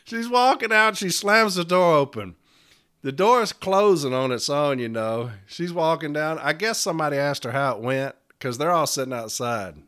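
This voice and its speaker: A middle-aged man hosts a podcast, telling stories and ranting with blunt, profane defiance. He laughs often as he talks. His voice sits fairly high and bright, with a lively, swooping pitch. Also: moderate pace, clean tone. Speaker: podcast host and letter carriers' union advocate. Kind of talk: storytelling rant.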